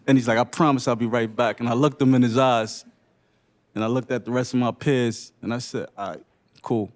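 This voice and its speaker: A young man speaking unscripted at a public briefing, sharing his own story in short, halting, emotional phrases. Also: medium pitch. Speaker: panelist sharing lived experience. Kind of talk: unscripted personal testimony at a briefing.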